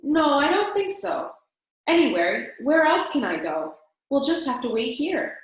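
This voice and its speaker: A woman's voice: high-pitched, very animated, unhurried, voice pushed up. A woman voicing a tired, fretful young male dragon in a storybook reading, breathless and pleading. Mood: excited. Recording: very echoey room.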